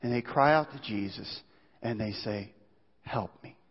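Husky male pastor in a reverberant hall. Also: moderate pace. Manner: earnest, pleading, often dropping to a hushed low voice. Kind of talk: sermon. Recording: dull sound in a reverberant hall.

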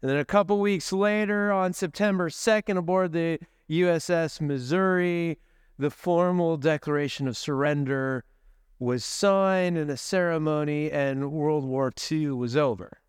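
A man's voice: fairly high pitch, measured pace, smooth, dry recording, studio quality. A man preaching a sermon at a church service as the pastor, telling stories conversationally with joking asides.

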